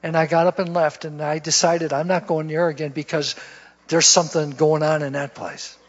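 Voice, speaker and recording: High-voiced man telling his testimony. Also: little pitch movement, normal speed. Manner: storytelling, folksy, laughs at himself. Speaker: guest speaker giving testimony. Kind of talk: sermon testimony. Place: church. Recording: dull lo-fi church recording with long reverb.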